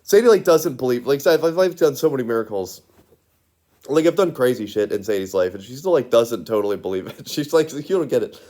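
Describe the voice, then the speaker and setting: A man's voice: medium pitch, animated, fairly quick, darkish tone. A man talking in a casual rambling monologue. He giggles often and fills his speech with "like". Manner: giggly, rambling, constant filler "like"; rambling, with lots of restarts.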